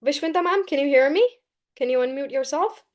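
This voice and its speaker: A woman teaching a live online class, brisk and coaxing, often repeating key phrases. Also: sits high. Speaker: English teacher.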